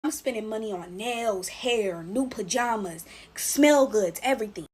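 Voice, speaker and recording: A young adult woman narrating a personal story in a casual storytime style, animated and emphatic. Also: fairly high pitch, unhurried, slightly rough.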